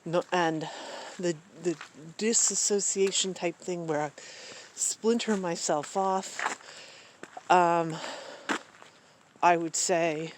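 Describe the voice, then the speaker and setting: A woman's voice: lowish voice, steady tone, slow, pauses often. Middle-aged woman, from Maine, hesitant reflective vlog, outdoors in woods, faint background noise. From Maine, USA. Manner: hesitant, musing, many ums and restarts. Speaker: vlogger. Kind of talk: reflective personal monologue.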